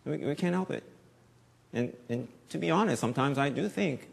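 Middle-aged male pastor with a slight Southern lilt, conversational sermon delivery, swings between soft earnest and loud lively. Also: on the high side, normal speed, vocal fry, slightly rough. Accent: slight Southern American accent. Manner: conversational preaching with wide swings in loudness, from hushed to animated.

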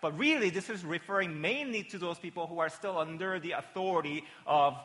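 A man in his forties preaching to children in a church, his bright, slightly high voice carrying through a long reverb. He talks casually, checking in with the kids as he goes. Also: fairly quick. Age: 40s. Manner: chatty, checks in with "right?" and "okay?". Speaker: pastor. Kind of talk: children's sermon. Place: church sanctuary during a worship service.

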